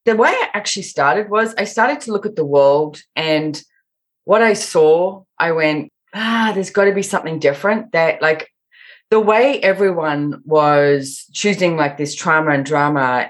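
Sex: woman. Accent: Australian. Pitch: low. Role: podcast guest calling in. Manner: lively storyteller. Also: measured pace. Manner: lively storyteller, quotes herself often. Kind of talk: casual interview chat. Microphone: remote call-in.

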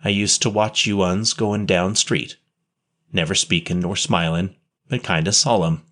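A man's voice: low voice, steady tone, unhurried, fairly bright tone. A man doing a slangy ragged street boy. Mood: wistful, eager. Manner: rough slangy dialect, double negatives. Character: ragged, shy street boy, near twelve.

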